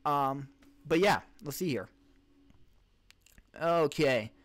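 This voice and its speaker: This is a male streamer with a voice slightly above the usual pitch. He hosts a relaxed live Q&A, answering chat questions off the cuff. He rambles, restarts and corrects himself, and talks into a desk mic. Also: slow pace. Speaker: podcast host and live streamer.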